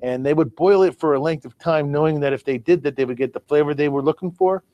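A man's voice: fairly high pitch, fast talker, warm tone, slight background noise. A man co-hosting a casual podcast, explaining things with everyday comparisons and a loose, self-deprecating manner. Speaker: podcast co-host. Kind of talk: casual chat.

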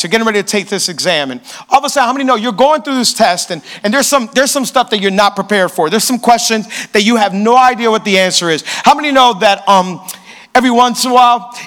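A young man in his twenties preaching a sermon, telling a lively story and firing rhetorical questions at his congregation. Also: sits high. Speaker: pastor.

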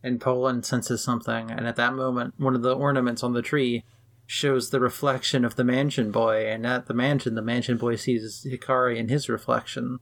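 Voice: medium pitch, normal speed. A young adult co-hosting a podcast, chatting casually and wryly with lots of filler words while recapping an anime. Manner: relaxed, wry, many "like" fillers. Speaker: podcast co-host.

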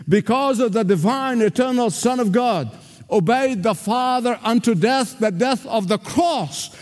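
An older male pastor preaching with a high, lively voice that rises and falls dramatically. He hammers points through repetition and asks the congregation to answer back. His voice rings through a large church with a long reverb. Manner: emphatic, repetitive preaching with call-and-response. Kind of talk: sermon. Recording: reverberant hall.

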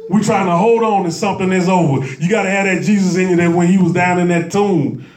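A pastor with a high, bright-edged voice drives his sermon hard, trading call-and-response with the congregation and jumping to shouts. He's picked up from some distance in an echoing church sanctuary. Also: fairly even intonation, fast talker. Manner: impassioned preaching with call-and-response and humor; bursts into shouting. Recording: echoey room, mic at a distance.

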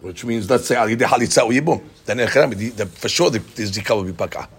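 A man's voice: medium pitch, racing. A man teaching a Talmud study class, explaining step by step, repeating key phrases and answering students' questions.

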